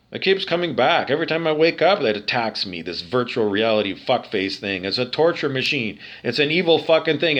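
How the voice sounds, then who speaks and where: A man's voice: a little high, a bit bright, dull audio. A man from Canada ranting to the camera, agitated and profane, repeating himself and firing off rhetorical questions. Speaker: video monologue speaker.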